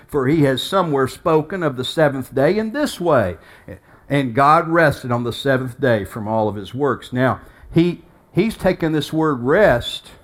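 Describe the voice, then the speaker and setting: A man preaching a sermon as pastor, folksy and emphatic, with down-home turns of phrase. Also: medium pitch.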